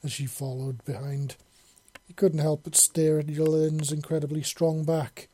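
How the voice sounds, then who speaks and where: A man reading a science-fiction story aloud as narrator, in an even, unhurried way. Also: mid-range voice, slightly rough, dry recording. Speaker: audiobook narrator.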